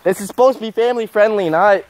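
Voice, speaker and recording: A young man filming a casual vlog outdoors in the countryside, joking around excitably and swearing often as he talks to his viewers. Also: high-pitched, quick pace, slight background noise. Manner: excitable, jokey and heavily profane. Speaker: vlogger.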